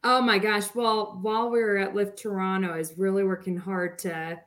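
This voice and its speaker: A woman's voice: medium pitch, level tone, moderate pace, fairly bright tone. A woman from Colorado, a guest on a casual podcast, chatting playfully. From Denver, Colorado. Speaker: guest, event team member.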